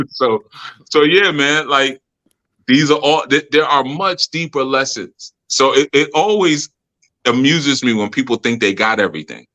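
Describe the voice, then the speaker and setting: A man's voice: mid-range voice, takes it slowly, long pauses, sharp tone. A man hosting a spiritual podcast, telling stories in a loose, slangy way and laughing often. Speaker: podcast host and spiritual teacher. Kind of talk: casual storytelling chat.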